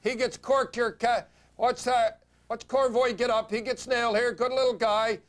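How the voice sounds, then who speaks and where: A man with a notably high voice delivers hockey commentary on a TV segment. He is blunt and opinionated and rattles his points off quickly, scolding and cheering by turns. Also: level tone. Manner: blunt, opinionated, fast-talking.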